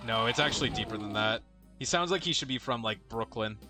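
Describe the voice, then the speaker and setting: A man's voice: mid-range voice, animated, fast, music in the background. A young man casually telling a long story while gaming, rambling and swearing, often cutting himself off mid-sentence. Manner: rambling, profane, self-interrupting. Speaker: let's play co-host.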